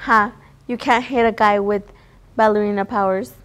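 Brief: woman reading an eager young boy, excited, lightly voiced. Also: mid-range voice, moderate pace, muffled recording, natural voice.

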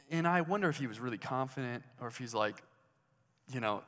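A man's voice: medium pitch, lively intonation, a little fast, a bit bright. A man preaching a sermon in a conversational way, asking his listeners questions as he goes. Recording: hall reverb.

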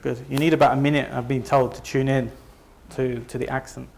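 Walking a live conference audience through his slides, a company presenter from Leeds in the north of England speaks in a Northern English accent, easygoing and chatty. He often restarts sentences and jokes at his own expense. His pitch sits in an ordinary middle range for a man, and his delivery is flat, a little fast, creaky and slightly mellow.

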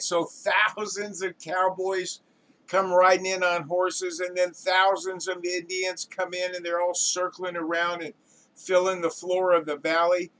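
A man tells a classic joke, building it up with lively storytelling and voicing its characters. His speaking voice sits slightly high for a man. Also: measured pace, low-quality recording. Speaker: joke teller. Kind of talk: telling a joke.

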